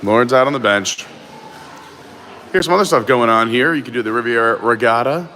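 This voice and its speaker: A man's voice: medium pitch, brisk, sharp tone, slight background noise. A man hosting a live stream, chatting casually and greeting viewers while filming on a gimbal. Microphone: gimbal camera.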